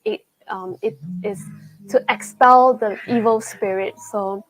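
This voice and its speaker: A young woman hosting a live travel vlog, chatting excitedly while tasting food at a restaurant. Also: a little high, slow pace, rough recording. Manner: chatty and excitable, with frequent gasps and laughs. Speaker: travel show host. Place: indoors at a restaurant.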